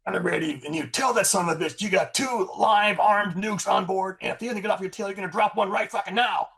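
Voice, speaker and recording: A man putting on the voice of a gruff, profane senior male officer who barks blunt questions at a crew while telling a story. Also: mid-range voice, fairly even intonation, normal speed, fairly bright tone, voice pushed up. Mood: furious. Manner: barking, blunt, swearing.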